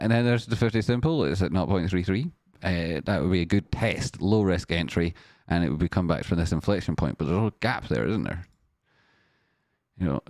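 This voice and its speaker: A man's voice: low voice, a little mellow, dry recording, clean studio sound. A man hosting a live trading stream, rambling and thinking aloud as he walks through charts. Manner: rambling, jokey, reads chat aloud. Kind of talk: live chart analysis chat.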